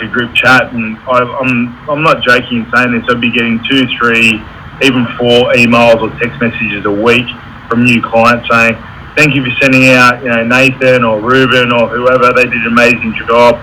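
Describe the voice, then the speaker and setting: Candid tradesman with a bright voice. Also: medium pitch, a little hiss or hum, low-quality recording. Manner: candid, storytelling with reenacted quotes. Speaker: electrical contractor, guest. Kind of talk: casual interview talk.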